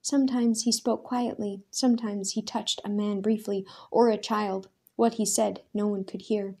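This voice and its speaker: A woman narrating a storybook aloud in a steady, expressive way. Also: medium pitch, normal speed, creaky, breathy edge. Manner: steady and expressive, with vivid character voices.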